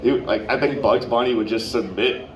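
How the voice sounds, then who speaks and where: A man's voice: mid-range voice, normal speed, crowd noise. A young man doing a stand-up set at an open mic, telling rambling, profane stories full of asides. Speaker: stand-up comedian. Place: comedy club open mic. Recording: roomy, distant live club recording.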